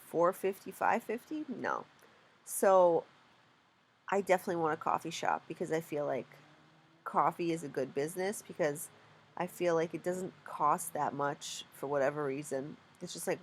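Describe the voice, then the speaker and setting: A young woman vlogging while day trading, rambling, swearing and laughing at herself in casual chat. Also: lowish voice.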